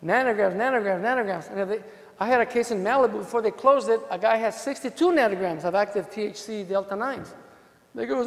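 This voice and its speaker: This DUI defense lawyer talks a little fast, his high-pitched voice carrying some vocal fry through a large hotel conference hall. His conference talk is full of jokes, and he acts out courtroom anecdotes, voicing exchanges with police and jurors.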